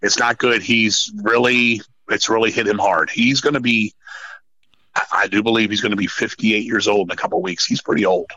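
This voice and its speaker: A middle-aged man telling stories in a casual podcast chat, swearing often and rambling in an animated way. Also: on the low side, brisk, dull audio. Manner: profane, animated, rambling storyteller. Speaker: podcast guest, metal musician.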